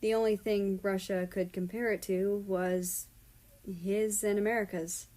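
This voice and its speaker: Slow-reading woman narrator. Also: mid-range voice, little pitch movement, dark tone. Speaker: story reader. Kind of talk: reading fan fiction aloud.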